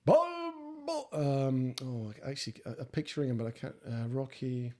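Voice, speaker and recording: A man's voice: mid-range voice, steady tone, fairly quick, dark tone. A man co-hosting a podcast, playful and cheeky as he answers quiz questions. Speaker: podcast co-host. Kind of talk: casual banter.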